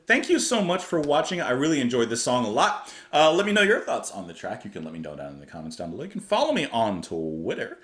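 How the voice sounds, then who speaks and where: A man's voice: mid-range voice, huge pitch swings, fairly quick, a bit bright, roomy sound. A man hosting a casual music reaction video, thinking aloud about lyrics in a rambling way and often correcting himself. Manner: thoughtful, rambling, self-correcting. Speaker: music reaction channel host.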